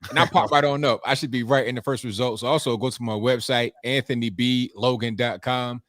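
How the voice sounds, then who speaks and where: A man's voice: mid-range voice, fairly even intonation, fairly quick, fairly bright tone, no echo, clean studio sound. A man talking as a guest on a casual panel, upbeat and spelling things out plainly.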